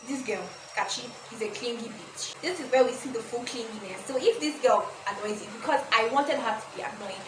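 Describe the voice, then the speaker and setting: A woman vlogger reading her own fan fiction aloud, breaking off to react, joke and swear casually. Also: fairly high pitch. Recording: roomy echo, distant mic, noisy.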